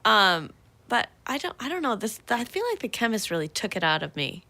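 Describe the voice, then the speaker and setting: A woman hosting a podcast in casual chat, chatty with quick asides. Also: mid-range voice, very animated, pushed and bright, dry recording.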